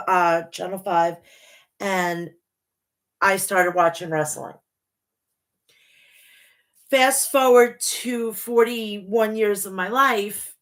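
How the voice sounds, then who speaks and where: Tearful forties woman vlogger, unhurried delivery, sharp bright voice, swears freely. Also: mid-range voice. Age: 40s. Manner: emotional, profane, gushing. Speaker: wrestling show reviewer. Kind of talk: casual review vlog.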